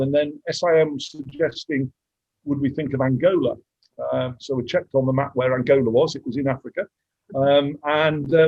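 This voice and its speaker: A mission dentist in his sixties, appearing as a guest speaker, tells his story candidly and reflectively over a video call, at times getting emotional. His voice is a little high and husky; the recording is muffled, with no room sound.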